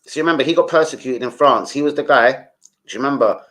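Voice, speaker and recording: A man's voice: mid-range voice, fast talker, fairly bright tone. A man chatting casually on a football fan vlog, rambling and full of slang and swearing. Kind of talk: casual livestream chat.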